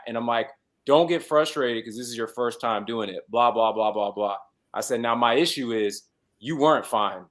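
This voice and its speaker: A man's voice: mid-range voice, moderate pace, fairly bright tone. A man in his thirties on a casual panel chat, telling a story in a blunt, lecturing way. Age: 30s.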